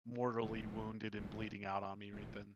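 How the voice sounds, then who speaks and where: A man playing a tabletop game, animated and halting, sometimes speaking in character. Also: fairly low pitch, dull audio, slight background noise. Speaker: player. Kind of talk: tabletop role-play chat.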